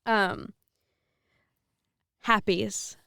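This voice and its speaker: A woman's voice: medium pitch, fairly even intonation, very slow, vocal fry, bright, forceful tone, clean tone, no room sound, clean studio sound. A woman in her twenties, a seminarian co-hosting a podcast, chatting casually with frequent laughs and rambling restarts. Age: 20s.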